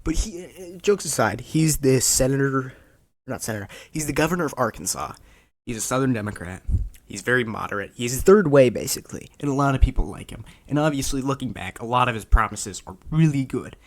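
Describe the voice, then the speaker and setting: Male vlogger, tired and sarcastic, rambling political take, mid-pitched voice. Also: expressive, brisk. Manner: rambling, sarcastic, self-interrupting. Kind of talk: casual political commentary.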